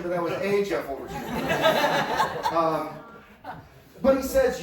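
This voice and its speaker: A man's voice: high-pitched, lively intonation, normal speed. A man doing a playful, self-mocking stand-up set, often laughing through his own lines. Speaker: stand-up performer. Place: large hall with live audience. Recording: echoey hall, far from mic, live crowd.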